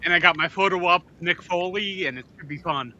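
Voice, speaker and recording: A man's voice: high-pitched, brisk, sharp tone. A man from the Upper Peninsula of Michigan chatting in a laid-back, joking way on a live podcast. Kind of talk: casual live-stream chat. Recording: dull lo-fi mic, faint noise.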